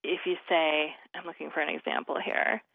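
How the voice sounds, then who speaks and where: A woman's voice: sits low, sing-song, fairly quick, creaky, no echo. A woman grammar expert, a guest on a call-in radio show, explaining usage in a chatty way with many fillers. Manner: chatty, many "you know" fillers, laughs easily. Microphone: phone. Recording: narrow phone line.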